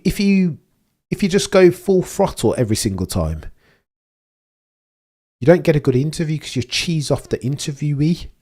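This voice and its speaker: A man's voice: mid-range voice, warm tone. A young man hosting a live watchalong, talking in a rambling, opinionated way and often restarting his sentences. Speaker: livestream host. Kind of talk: casual live commentary.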